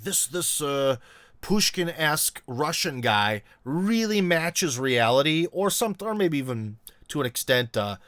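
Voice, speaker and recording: A man running a casual live-stream discussion. He rambles through fillers and joking asides. His voice sits mid-pitch, dry and close to the mic. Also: fairly bright tone, no echo. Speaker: host.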